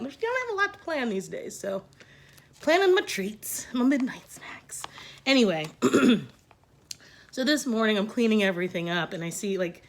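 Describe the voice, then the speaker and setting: A middle-aged woman chatting to camera from home, rambling and poking fun at herself, her pitch often jumping up for emphasis. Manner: chatty and rambling, self-mocking, with lively swings in pitch. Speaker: vlogger. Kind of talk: casual talk to camera.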